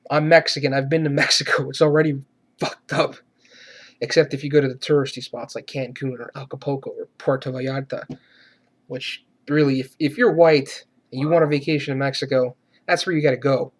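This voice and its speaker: A man's voice: medium pitch, steady tone, brisk. A man giving a profane, sarcastic movie rant, swearing often and laughing ironically. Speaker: movie reviewer.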